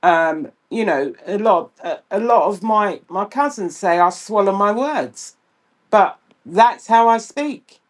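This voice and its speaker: A woman with a London accent, co-hosting a podcast in casual chat, speaking in a measured, slightly hesitant way. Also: medium pitch, expressive. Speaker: podcast co-host.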